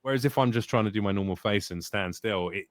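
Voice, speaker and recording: A man in a casual podcast chat as an actor and voice-actor guest. He talks in an animated, expressive, jokey way. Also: lowish voice, fast, no room sound.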